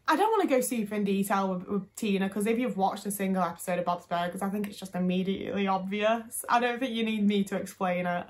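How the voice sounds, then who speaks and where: A woman's voice: medium pitch, fast, few pauses. A young woman talking casually to camera, chatty and full of fillers, with some swearing. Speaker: vlogger.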